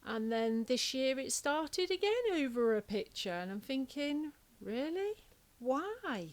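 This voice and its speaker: A woman's voice: high voice, lively intonation, moderate pace. A woman talking as a podcast guest, earnest and open as she speaks plainly about hard times. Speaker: podcast guest, charity founder. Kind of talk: casual conversation.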